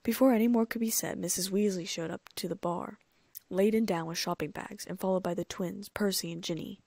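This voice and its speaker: A woman narrating a first-person fan fiction audiobook in a lively, amused way, close to the mic. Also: medium pitch, fairly quick, no echo.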